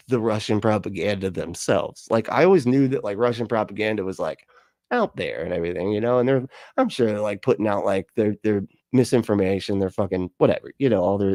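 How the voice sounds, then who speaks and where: Profane, rambling man with a low voice. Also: a little mellow, dry recording, studio quality. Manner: profane, rambling, sarcastic, laughs often. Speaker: video commentator. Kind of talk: casual commentary reading chat.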